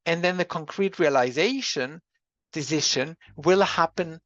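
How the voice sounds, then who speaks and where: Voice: mid-range voice, a bit bright, no room sound. Lecturer on a dull, dry recording. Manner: measured, explanatory, walks through examples step by step. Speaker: university lecturer. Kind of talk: academic lecture.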